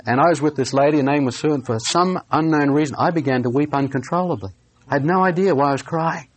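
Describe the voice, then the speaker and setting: A man preaching a sermon, telling a personal story in an earnest way and slowing down on key phrases. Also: on the high side.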